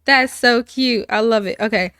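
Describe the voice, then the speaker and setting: A woman's voice: on the high side, moderate pace, bright, forceful tone, no room sound, clean studio sound. A woman casually commentating a life sim let's play in a chatty, upbeat way. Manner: chatty, upbeat, many fillers.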